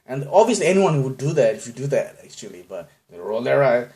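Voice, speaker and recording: A man from Bangladesh talks alone on his podcast in a mid-pitched voice. He jumps from tangent to tangent, trips over restarts and chuckles at his own nerdy jokes. He is self-deprecating and loose. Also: lively intonation, brisk, few pauses, dark tone. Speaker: podcast host. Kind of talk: casual solo podcast rambling.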